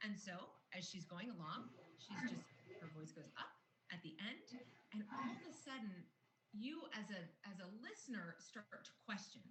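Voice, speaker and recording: A woman's voice: medium pitch, expressive, normal speed. Woman teaching a communication class, chatty, echoey room, some noise behind. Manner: explanatory, conversational teaching. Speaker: communication trainer. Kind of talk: online training lesson. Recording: roomy with noticeable background noise.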